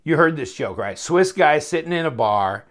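A man's voice: on the high side, lively intonation, normal speed, a bit bright. A man giving a casual, rambling knife review, chuckling often and interrupting himself as he goes.

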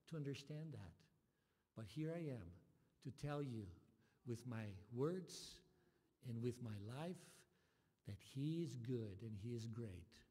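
A male pastor delivers an impassioned sermon, his voice sitting a little high for a man. He drops to near-whispers and then climbs into loud, urgent appeals. Long reverb from the church sanctuary trails every phrase. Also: breathy edge. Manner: impassioned, swings from soft to loud.

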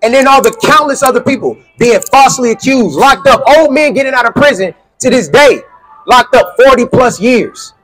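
Man, street preacher, very high pitch, insistent, call-and-response. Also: lively intonation, normal speed, fairly bright tone, soft background music, low-quality recording. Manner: insistent, quizzing the listener and repeating questions.

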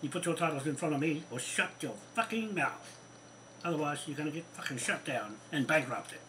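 A man rants furiously, swearing and repeating himself. His voice sits fairly high and sounds bright and forceful. A faint hiss runs under it. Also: lively intonation, moderate pace, rough recording. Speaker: vlogger. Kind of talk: angry ranting monologue.

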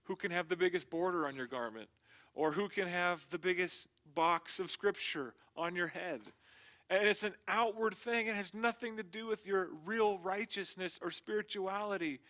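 A man's voice: high voice, normal speed, sharp tone. Casual-talking male pastor. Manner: casual, conversational preaching with slangy asides. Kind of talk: sermon.

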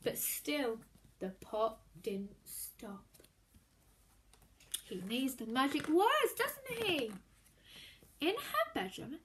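A woman reading a children's story aloud in an expressive, animated way, sometimes dropping to a hushed whisper. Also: high-pitched, takes it slowly, pauses often.

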